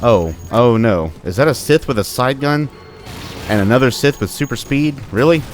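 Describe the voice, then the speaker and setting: This gameplay commentator has a medium-pitched, expressive voice and talks at normal speed over soft background music. He's a young man cracking jokes to the on-screen enemies as he plays, in a relaxed let's-play style.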